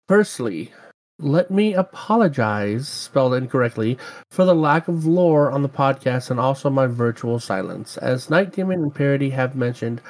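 A man co-hosting a gaming podcast, reading a listener's email aloud with dry, teasing asides. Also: medium pitch. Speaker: podcast co-host.

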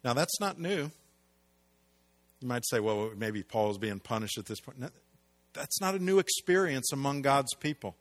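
A man preaching a sermon, moving between loud emphatic lines and hushed low ones and posing rhetorical questions to the congregation. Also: lively intonation, moderate pace. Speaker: pastor.

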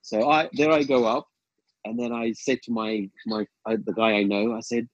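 Husky rambling man telling stories. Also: medium pitch, moderate pace, no echo, muffled recording. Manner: rambling, many ums and restarts, lively quoted asides. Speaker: guest. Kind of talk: casual storytelling.

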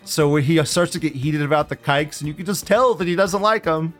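A man with a fairly high voice hosts a loose live-stream commentary, full of profanity and sarcasm. He lurches from loud, incredulous outbursts to quiet mutters, with faint guitar music playing behind him. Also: a little fast. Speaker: livestream host.

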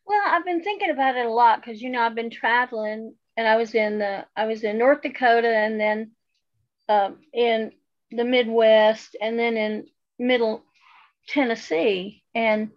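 A woman with a Southern Appalachian mountain accent and a fairly high voice, talking with outspoken, wry frankness. The sound is dull and lo-fi, like a modest home recording. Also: measured pace, no echo. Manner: outspoken, wry, switches to a careful presenter voice. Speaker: podcast co-host. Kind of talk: casual chat.

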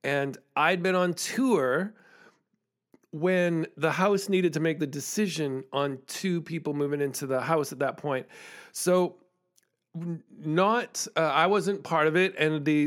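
Man, podcast host, candid storytelling, casual, slightly higher voice. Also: takes it slowly. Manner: casual and candid, with fillers and swearing. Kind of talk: personal storytelling monologue.

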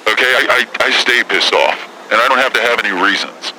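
A man's voice: mid-range voice, lively intonation, a little fast, pushed and bright, a little hiss or hum, rough recording. A man impersonating a brash, foul-mouthed celebrity woman who calls in to pick fights, rambling and cursing as he talks. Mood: combative. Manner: profane, combative, rambling. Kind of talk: prank call impression.

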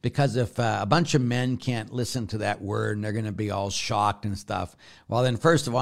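Blunt priest with forceful manner. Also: male voice, fairly low pitch, moderate pace, creaky. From Pittsburgh, United States. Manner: blunt, forceful, storytelling with rambling restarts. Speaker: Catholic priest answering listener questions. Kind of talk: casual Q&A talk.

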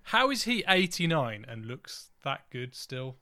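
Bright-voiced man, easygoing podcast co-host. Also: medium pitch, very animated, unhurried. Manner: easygoing, rambling anecdotes, laughs at himself. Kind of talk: casual chat.

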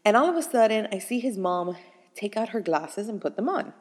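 A young woman tells a personal story in an animated, chatty way and keeps filling her sentences with little asides. Her voice sits at an ordinary middle pitch. A long reverb trails behind every line, as though she was recorded in a large hall. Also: brisk. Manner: animated and chatty, full of fillers. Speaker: first-time mother telling her pregnancy story.

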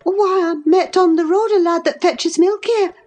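A shrill, panicked young servant girl. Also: steady tone, moderate pace, darkish tone, soft background music. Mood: breathless. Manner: shrill, gasping, stammering. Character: frantic young servant girl, thoughtless, breathless.

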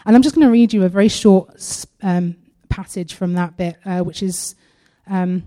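A woman sharing a personal testimony at a church service, earnest and halting, partly reading aloud from her own writing. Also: medium pitch, warm tone. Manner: earnest and halting, with frequent pauses.

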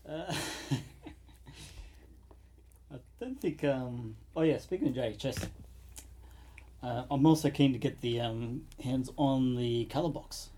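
A man's voice: medium pitch, slow pace, long pauses, mellow, a little hiss or hum. A man co-hosting a casual chat, laid-back, often trailing off and laughing. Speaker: podcast co-host. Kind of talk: casual chat about guitar pedals.

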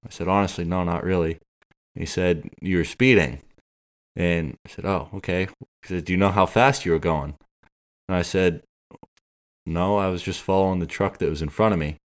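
A man's voice: sits low, fairly even intonation, moderate pace, long pauses. A man on a podcast telling a story in casual chat, rambling and acting out the dialogue he recalls. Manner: rambling, acts out quoted dialogue. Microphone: podcast microphone.

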